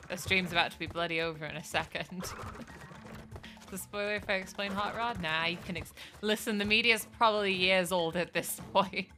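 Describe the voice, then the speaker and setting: A woman's voice: lowish voice, moderate pace, pushed and bright, faint music behind. A young woman streaming a game live, rambling in casual, self-mocking chat with her viewers as she plays.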